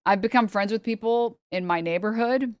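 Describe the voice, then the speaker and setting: A woman's voice: on the high side, moderate pace, clear, resonant tone, no room sound. A woman from the United States, a streamer who chats bluntly and with a lot of swearing while reacting to videos on stream. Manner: blunt, profane, chatty. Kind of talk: casual reaction stream chat.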